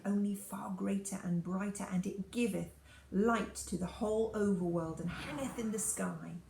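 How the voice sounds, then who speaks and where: A woman's voice: medium pitch, creaky, warm tone. A young prince, cold and courtly, with old-fashioned speech, put on by a woman. There is a roomy echo on the voice.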